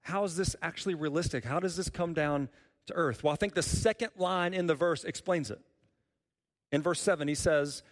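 Pastor guy preaching, kinda higher voice, earnest, lots of repeating, hall echo. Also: fairly quick. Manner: earnest, repeats key phrases for emphasis. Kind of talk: sermon.

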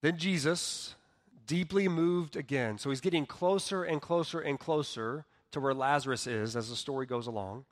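Earnest preaching man, slightly high voice. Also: in a large hall. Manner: earnest preaching, swings between soft and loud, slows for emphasis. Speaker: pastor. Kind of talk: sermon. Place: church hall.

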